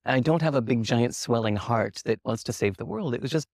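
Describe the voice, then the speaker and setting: A man being interviewed, telling a story in casual talk and acting out the dialogue with lively swings in pitch, laughing now and then. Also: a little fast, gravelly, no room sound, clean studio sound. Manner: animated, acts out quoted dialogue with lively jumps in pitch. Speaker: interview guest.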